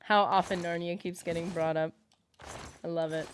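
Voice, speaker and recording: A woman's voice: fairly low pitch, flat delivery, moderate pace, slight background noise. A woman streaming a game, chatting casually with viewers in a rambling way, full of fillers, and reading out chat comments.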